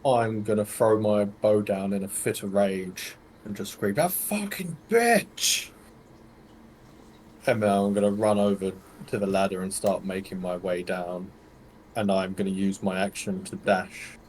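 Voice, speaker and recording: A man playing in a tabletop game, briskly laying out his character's actions. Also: low voice, monotone, a little mellow, slight background noise. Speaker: player. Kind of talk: tabletop role-play.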